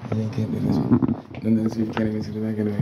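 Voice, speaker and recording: Gravelly, agitated man ranting at home. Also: fairly low pitch, monotone, racing, heavy background noise. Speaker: tenant vlogger. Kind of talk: angry rambling rant. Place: apartment indoors.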